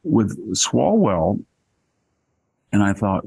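A man's voice: fairly low pitch, moderate pace, creaky, slightly rough, rough recording. An older man hosting a podcast, chatting casually and telling anecdotes with plenty of asides. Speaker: podcast host. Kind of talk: casual chat.

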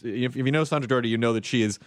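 A man hosting a podcast, telling a funny story in casual, animated chat. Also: racing. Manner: animated, swings pitch up for quoted voices. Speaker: podcast host.

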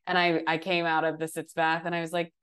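A young woman co-hosting a casual podcast chat, speaking while sick with a hoarse voice, candid and swearing casually. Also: low-pitched, monotone, fast, a bit bright. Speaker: podcast co-host.

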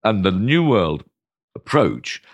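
An older British man, a guest in an interview, telling lively anecdotes full of ums and restarts. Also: lowish voice, slow, slightly rough, no room sound, muffled recording. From Britain. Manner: animated, lots of ums and restarts. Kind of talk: anecdotal storytelling.

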